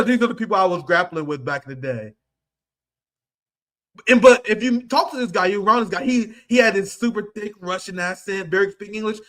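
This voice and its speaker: Brief: man, 30s, very high voice, profane combative streamer rant, loud bursts and quiet asides. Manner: quick swings between loud outbursts and low asides. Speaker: political streamer. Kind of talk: heated political commentary.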